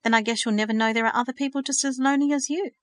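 A woman's voice: sits high, fairly even intonation, rapid-fire, no room sound, pitched above the performer's own voice, close to an everyday voice. Earnest hopeful teen girl, read by a woman. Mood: indignant. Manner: earnest, eager. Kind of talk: audiobook reading.

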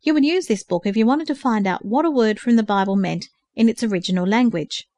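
A woman's voice: a little high, fast talker, no room sound, lightly acted. A woman reading the part of a patient older male mentor who carefully explains study books. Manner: careful explaining, gently instructive.

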